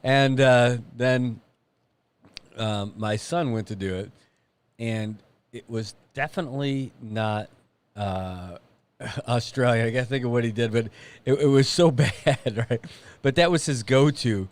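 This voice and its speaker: A man's voice: medium pitch, unhurried. A middle-aged man co-hosting a casual talk show, telling playful family anecdotes and often chuckling. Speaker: podcast co-host. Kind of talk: casual chat.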